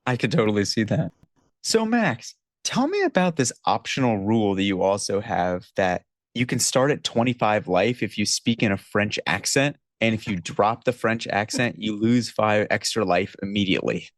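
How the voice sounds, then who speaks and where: A man's voice: fairly low pitch, expressive, moderate pace, dry recording, studio quality. A young man hosting a podcast, chatting casually and laughing a lot, reading items aloud. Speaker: podcast host. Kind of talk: casual chat, reading out card text.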